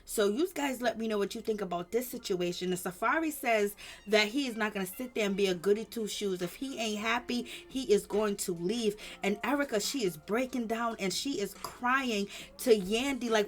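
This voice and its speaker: A woman's voice: medium pitch, moderate pace. A woman giving casual celebrity gossip commentary, retelling the drama with emphatic repetition.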